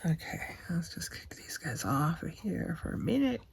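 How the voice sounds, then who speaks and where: A woman's voice: deep voice, big pitch swings, moderate pace, vocal fry, husky. A woman craft vlogger chatting casually as she works, often murmuring to herself and dropping into a whisper.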